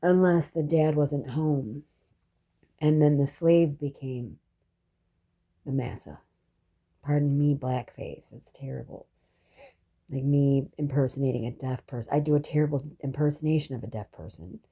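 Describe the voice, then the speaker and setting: A woman's voice: low voice, fairly even intonation, a little slow, long pauses, dark tone. A woman telling a personal story in a rambling, reflective monologue, restarting often and dropping profane asides.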